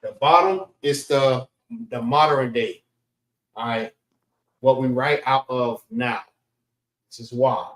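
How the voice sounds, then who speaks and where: A man teaching a class in a casual, drawn-out way, often checking in with "all right?". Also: mid-range voice, fairly bright tone. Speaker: class instructor. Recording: echoey room.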